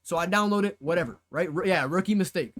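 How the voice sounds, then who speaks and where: A man's voice: high voice, fast talker, fairly bright tone, slight background noise. A young man streamer telling a story to his live chat in casual slang, acting out his own past reactions.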